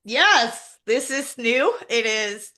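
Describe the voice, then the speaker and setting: A woman's voice: on the high side, animated, drawn-out words, bright, forceful tone. A woman from Canada, a guest on a podcast over a video call, upbeat and eager about her work. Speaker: guest, Akashic Records practitioner. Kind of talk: casual video-call chat.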